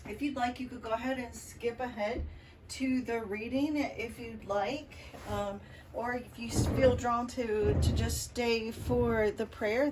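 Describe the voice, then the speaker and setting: A woman talking to camera as a tarot reader, soft and halting with many fillers, and tearful. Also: mid-range voice, a little hiss or hum. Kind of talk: casual chat to camera, then spoken prayer. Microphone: camera mic.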